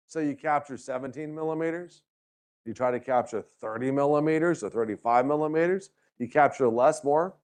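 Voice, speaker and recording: A man's voice: on the high side, darkish tone. A male university lecturer giving a classroom lecture, tossing out rhetorical questions and light joking asides to his students. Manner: checks in with frequent rhetorical questions.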